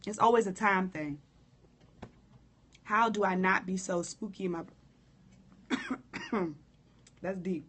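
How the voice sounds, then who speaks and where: A hoarse woman who coughs now and then, giving a candid, informal live-stream talk on prayer and speaking straight to her viewers. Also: medium pitch, fairly even intonation, slow, long pauses, a bit bright. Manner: candid, informal, preacherly direct address. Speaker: motivational speaker.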